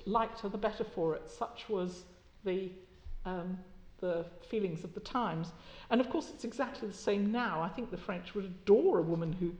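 A woman's voice: mid-range voice, a little mellow, muffled recording. A woman giving an academic keynote lecture, with a wry, conversational delivery and occasional fillers. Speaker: keynote speaker. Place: lecture hall. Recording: echoey lecture hall.

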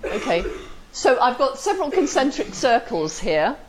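A woman's voice: fairly high pitch, big pitch swings, normal speed, rough recording. A woman lecturing a class, constantly checking that students follow and acting out example sentences with dry humor. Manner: questioning, asks the class for agreement.

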